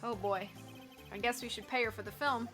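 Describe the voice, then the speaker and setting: A woman's voice: a little high, fairly even intonation, brisk, fairly bright tone, faint music behind, lightly acted. Woman voicing a hesitant young lawyer. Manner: mild, hesitant, stammering. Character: young male defense lawyer, awkward and earnest. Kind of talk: video game voice-over reading.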